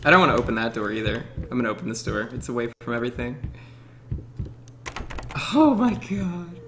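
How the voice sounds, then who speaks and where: A man's voice: mid-range voice, lively intonation, background noise. A young man giving frightened, swearing commentary as he plays a horror game, laughing nervously. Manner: frightened, swearing, exclaiming often; slow drawn-out speech, nervous laughter. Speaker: gaming streamer.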